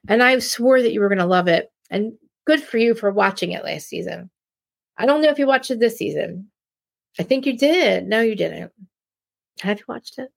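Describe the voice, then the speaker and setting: A woman talks off the cuff on her podcast, circling back and restarting her sentences as she vents. Her voice has a gravelly, fry-tinged texture at a mid pitch. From New Jersey. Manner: rambling, animated, rants with frequent restarts. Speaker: podcast host. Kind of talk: casual chat.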